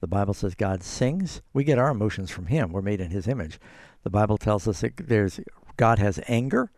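Gravelly-voiced pastor answering callers. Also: male voice, on the low side, lively intonation, moderate pace, a little mellow, dry recording, studio quality. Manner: earnest, explanatory, quotes scripture. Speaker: pastor and radio show host. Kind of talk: call-in radio Bible answers.

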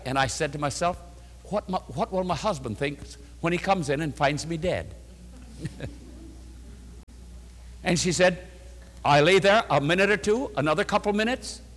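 A man's voice: a little high, fairly bright tone. A man preaching a sermon, earnestly retelling a woman's letter and then guiding listeners to take notes. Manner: earnest storytelling, retelling a letter with rising emotion. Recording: long hall reverb.

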